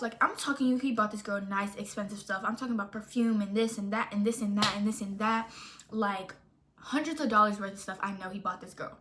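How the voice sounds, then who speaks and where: A woman's voice: on the high side, normal speed, slight background noise. A young woman, telling a storytime vlog casually and animatedly, full of fillers and quoted dialogue. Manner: chatty, animated, full of "like" fillers and self-interruptions; quotes friends in acted-out dialogue. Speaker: storytime vlogger.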